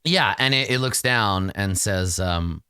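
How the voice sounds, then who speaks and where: A man's voice: lowish voice, measured pace, bright, forceful tone, smooth, no echo, clean studio sound. A man narrating as game master, chatty and rambling with frequent laughter.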